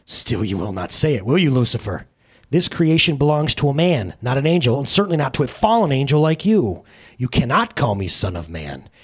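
A man's voice: medium pitch, very animated, fairly quick, husky, voice pushed up. A man reading a commanding holy man. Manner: commanding, solemn. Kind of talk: dramatic reading of a book aloud.

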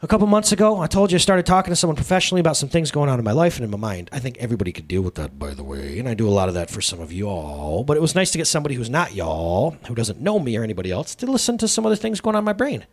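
A male pastor preaching in a lively, conversational way, often checking in with the audience through questions. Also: mid-range voice, rapid-fire, hardly any pauses. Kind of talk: sermon.

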